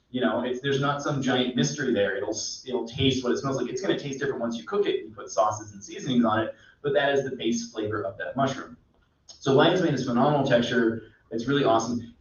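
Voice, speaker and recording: A man, a mycologist guest, explaining in a relaxed, rambling way with many fillers. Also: mid-range voice, slight background noise. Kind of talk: casual explanatory chat. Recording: echoey, distant, dull sound.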